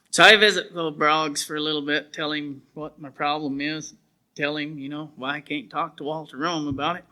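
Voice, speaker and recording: Man in his 50s, church testimony, folksy storyteller, bright forceful voice, slightly high. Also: flat delivery, brisk. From southwestern United States. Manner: plainspoken storyteller with rural grammar. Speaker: preacher giving testimony.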